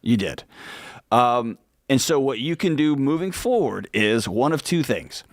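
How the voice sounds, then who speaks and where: A man co-hosting a radio advice show, talking directly and acting out heartfelt pleas in a hushed voice. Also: mid-range voice, animated, unhurried, dry recording, studio quality. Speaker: co-host answering listener questions.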